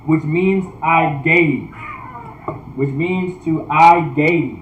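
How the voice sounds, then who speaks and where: A man teaching a language class online, repeating points, often asking "all right?", and sounding out words slowly. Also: fairly high pitch, reverberant, phone-quality sound, slight background noise. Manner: repetitive, checks in with "all right?"; restarts sentences often. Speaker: priest.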